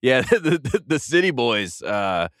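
A man's voice: medium pitch, very animated, a little slow, fairly bright tone, no echo, clean studio sound. A man hosting a casual podcast, bantering and teasing his co-hosts with jokes. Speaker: podcast host. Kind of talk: casual chat.

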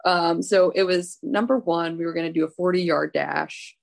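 A woman's voice: on the low side, fairly even intonation, moderate pace, vocal fry. A woman co-hosting a podcast, reading out results in a matter-of-fact, teasing way. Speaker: podcast co-host. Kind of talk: casual chat, reading results.

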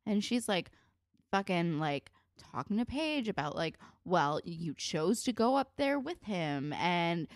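Animated low-voiced young woman, blunt. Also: slow, dry recording, studio quality. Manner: animated, blunt, swearing, lots of "like". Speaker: podcast co-host recapping a TV episode. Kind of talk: casual chat.

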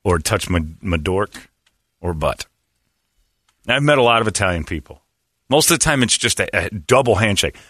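A man's voice: lowish voice, expressive, normal speed, pauses often, pushed and bright, dry recording, studio quality. A middle-aged man co-hosting a radio show, trading jokes and now and then slipping into goofy put-on voices. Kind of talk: casual banter.

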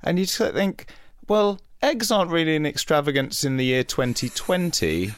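Guy rambling on a podcast, wry and a bit self-mocking, pitch jumps around a lot, dry close sound. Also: expressive, moderate pace, no room sound. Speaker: podcast host. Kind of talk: casual chat.

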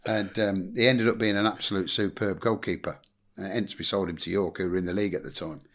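Deep-voiced blunt English storyteller man. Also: fairly even intonation, fast talker. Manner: blunt anecdotal storyteller, swears, acts out quotes. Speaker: guest, former football manager. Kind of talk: casual storytelling interview.

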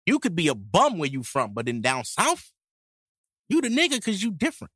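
Podcast co-host, New man, lively crude banter, pitch jumps all over, dry close sound. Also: moderate pace, breathy edge, dry recording. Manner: animated, crude, joking banter. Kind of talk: casual podcast chat.

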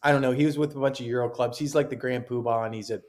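A middle-aged man, a caddie co-hosting a podcast, telling stories in an excitable, rambling casual chat. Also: medium pitch, rapid-fire. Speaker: caddie and co-host.

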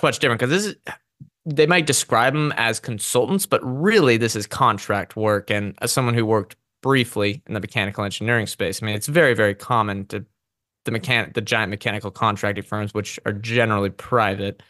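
A man's voice: fairly low pitch, fairly quick, bright, forceful tone, no echo, studio quality. A man co-hosting a casual investing show, thinking aloud and repeating words as he talks. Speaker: podcast co-host.

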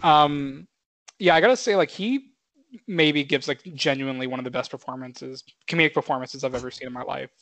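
A man's voice: medium pitch, fairly quick, fairly bright tone, dry recording. A man co-hosting a film podcast, talking casually with lots of fillers, swearing and laughing. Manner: rambling, filler-heavy, swears, laughs often. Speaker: podcast co-host.

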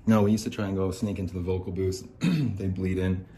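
A man hosting a podcast, ranting in exasperation, swearing and swinging between low mutters and sharp outbursts. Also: flat delivery, quick pace, a little hiss or hum. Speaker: podcast host. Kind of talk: angry ranting monologue. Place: home near a window.

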